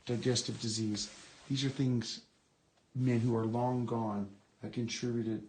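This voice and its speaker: A man exploring an abandoned medical building and talking live to viewers on his phone, musing in a hushed, awed way as he reads book titles aloud. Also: medium pitch, level tone, unhurried, rough recording. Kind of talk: rambling live-stream chat.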